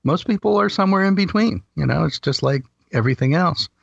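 A man in casual conversation, explaining things in a calm, matter-of-fact way. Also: a little high, fast, vocal fry, breathy edge, dry recording. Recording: dry, slightly dull sound.

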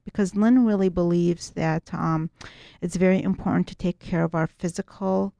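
A woman's voice: on the low side, fairly even intonation, moderate pace, creaky, dark tone, no echo. A woman being interviewed as a guest, explaining her teachings earnestly and often restarting her sentences. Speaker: guest, writer and spiritual workshop teacher.

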